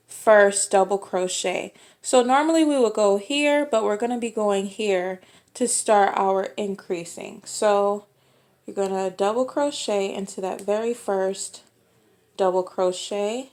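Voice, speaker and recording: A woman hosting a crochet tutorial, walking through each step patiently and repeating instructions slowly. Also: a little high.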